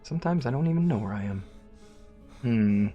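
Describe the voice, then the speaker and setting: A man's voice: mid-range voice, lively intonation, a little fast, lo-fi sound, faint music behind. A man casually commenting on his game, rambling and joking with viewers. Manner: rambling, jokey, talks to viewers. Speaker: let's play host.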